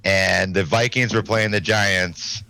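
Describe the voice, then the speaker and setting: A man talks on a casual podcast in a relaxed, matter-of-fact way. His voice is low but bright and forward. The sound is dry and close. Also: slow, gravelly, dry recording. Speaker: podcast co-host.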